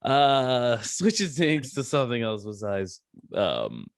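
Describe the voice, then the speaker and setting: A young man co-hosting a casual podcast, joking around and laughing easily with quick asides. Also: medium pitch, huge pitch swings, dry recording, clean studio sound. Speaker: podcast co-host.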